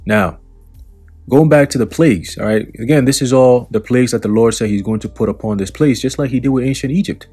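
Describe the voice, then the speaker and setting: Brisk and warm, with a husky, medium-pitched voice, a religious commentator reads news quotes and comments in a profane, sermonizing way, tossing in mocking asides and sardonic laughter. Soft music plays in the background.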